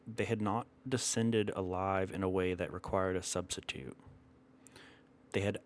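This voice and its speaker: A man telling an old myth in a measured, dramatic way, stopping now and then to correct himself. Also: low-pitched, fairly even intonation. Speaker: storyteller. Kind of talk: storytelling narration of a myth.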